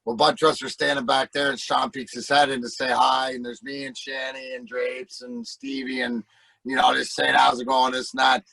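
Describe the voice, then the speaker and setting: A middle-aged man, a former hockey player and podcast guest, telling profane stories in a casual, animated way and acting out the voices. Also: medium pitch, moderate pace, creaky, no room sound, poor audio. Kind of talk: casual storytelling.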